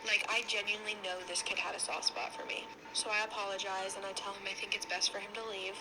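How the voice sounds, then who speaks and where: A woman's voice: mid-range voice, flat delivery, heavy background noise. A young adult woman telling a personal story in a casual, chatty monologue, often saying "like". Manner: rapid chatty retelling with frequent "like".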